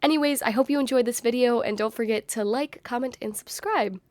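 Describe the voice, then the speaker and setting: A young woman with a slightly high, worn and strained voice works through fan theories in a thoughtful, speculative way. The sound is close and dry, with no room around it. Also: a little fast, dry recording. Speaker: YouTuber. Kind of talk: fan theory video essay.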